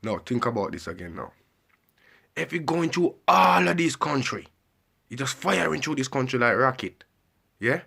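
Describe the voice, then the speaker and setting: A man's voice: mid-range voice, sing-song, moderate pace, creaky, pauses often, pushed and bright, slightly rough. A man delivering a heated, repetitive ranting monologue and pressing the listener with questions. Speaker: vlogger.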